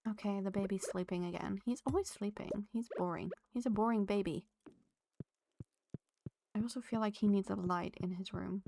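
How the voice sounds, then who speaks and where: A woman's voice: mid-range voice, normal speed, vocal fry, dark tone, slight background noise. A woman streaming a farming game, chatting casually with her viewers and laughing often. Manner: chatty, giggly, talks to chat and the game. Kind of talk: casual live-stream chat while playing.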